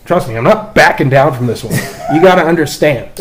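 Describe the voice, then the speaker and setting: A young man co-hosting a podcast, telling a profane, animated story in casual chat. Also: fairly high pitch, brisk, slight background noise. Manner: animated, profane, acts out quotes. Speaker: podcast co-host.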